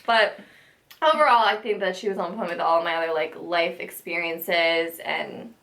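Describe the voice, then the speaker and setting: A woman's voice: lowish voice, normal speed, creaky, a bit bright. A young woman recounting a story to a friend in casual chat, rambling with lots of "like". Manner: rambling, lots of filler likes. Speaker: guest friend.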